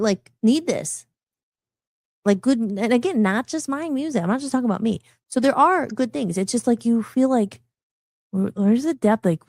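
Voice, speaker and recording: A middle-aged woman musician hosting a live radio talk show, rambling and animated, often restarting her sentences. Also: medium pitch, dry recording, clean studio sound. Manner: animated, rambling, frequent restarts and self-interruptions.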